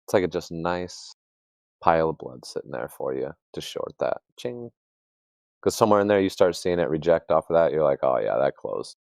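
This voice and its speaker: A man with an extremely deep, low voice talks trading in a loose, rambling way, full of restarts and homespun analogies. The sound is dry and close, with no room around it. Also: animated, brisk, creaky, a little mellow, no room sound. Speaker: trader. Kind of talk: casual trading chat.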